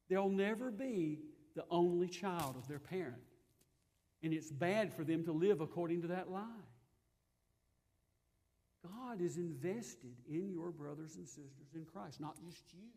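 A man preaching with a high, lively voice that climbs and falls a great deal. He presses his points by repeating short phrases, and moves between hushed asides and louder, urgent stretches. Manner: emphatic, repeats phrases, swings between quiet and loud. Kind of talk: sermon.

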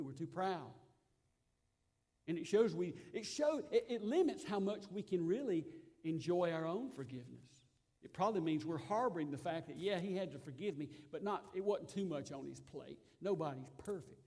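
Guy preaching a sermon, pretty high voice, gets loud then goes quiet, drifts off mic sometimes. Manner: earnest, swings between loud emphasis and soft asides. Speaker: pastor.

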